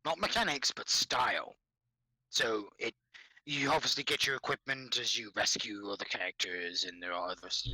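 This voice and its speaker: Husky, forceful man with an accent. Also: lowish voice, moderate pace, dry recording, low-quality recording. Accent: non-native English accent. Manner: laughs often, swears freely, animated. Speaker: podcast co-host. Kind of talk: casual gaming chat.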